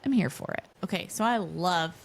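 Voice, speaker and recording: A woman's voice: fairly low pitch, normal speed, creaky. A woman in her forties co-hosting a podcast, talking in a chatty, rambling way. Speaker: podcast co-host. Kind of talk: casual chat.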